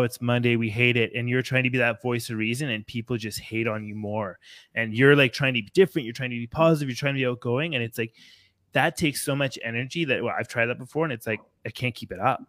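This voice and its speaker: A man's voice: medium pitch, quick pace, no echo. A man chatting casually as a podcast co-host, telling stories animatedly and acting out what others say. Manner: animated storyteller, acts out quotes. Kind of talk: casual chat.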